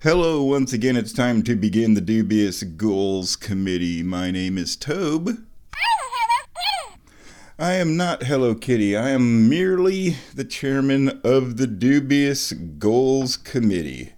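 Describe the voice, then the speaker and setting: A man hosting a casual vlog, talking slowly and playfully, now and then slipping into high baby talk, a bit stuffy from sinus trouble. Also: animated, background noise. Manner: slow, drawling and playful, with high baby talk to his cat. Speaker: vlog host.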